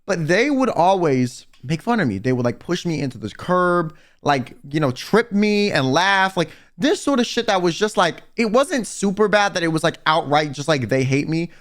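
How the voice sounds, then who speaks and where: A young man telling a personal storytime in casual, profane slang, animated and blunt. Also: a little high, moderate pace, hardly any pauses. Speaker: vtuber and livestreamer. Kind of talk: storytime rant.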